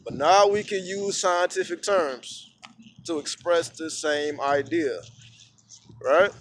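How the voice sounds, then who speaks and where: Man, high-pitched, casual profane vlog monologue, phone at arm's length, outdoors, faint street noise. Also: slow. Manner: profane, rambling, animated storytelling. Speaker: vlogger. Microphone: phone camera at arm's length.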